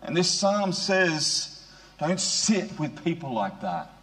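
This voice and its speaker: A man with a slightly raised pitch delivers a sermon like he's chatting with friends. He is middle-aged, and he keeps asking his congregation rhetorical questions in an easy, talky pulpit manner. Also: very animated, slow, fairly bright tone. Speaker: preacher.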